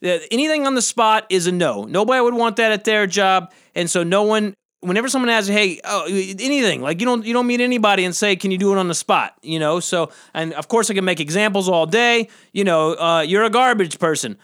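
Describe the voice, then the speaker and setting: Fast-talking high-voiced male comedian. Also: a bit bright, clean tone. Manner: rambling, emphatic, acts out quoted people. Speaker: comedian and podcast host. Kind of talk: solo podcast rant.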